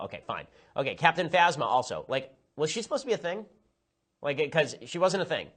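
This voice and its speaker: A man giving a rapid, sarcastic, exasperated film review. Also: on the high side, sing-song, a bit bright. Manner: sarcastic, exasperated, quick-firing rants. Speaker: political commentator.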